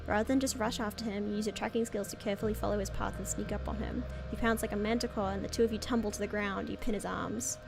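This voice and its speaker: A woman streamer reading a story game aloud, excitable, with squeals and dramatic reactions. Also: medium pitch, fast, gravelly, hardly any pauses, music in the background.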